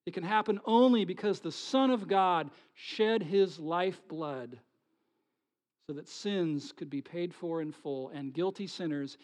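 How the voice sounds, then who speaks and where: Delivering a sermon to his flock, this pastor has a high male voice and an unhurried delivery. His volume shifts dramatically, sinking to soft whispers before rising into loud pleading, and he repeatedly poses rhetorical questions to the congregation.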